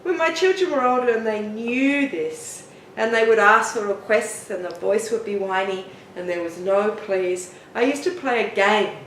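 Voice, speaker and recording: A woman's voice: medium pitch, moderate pace, slight background noise. Middle-aged woman, parenting tips, encouraging, roomy reverb, distant mic, faint ambience. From Australia. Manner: gentle, encouraging, expressive storytelling. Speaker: parenting author and teacher. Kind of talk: talking-head parenting tips.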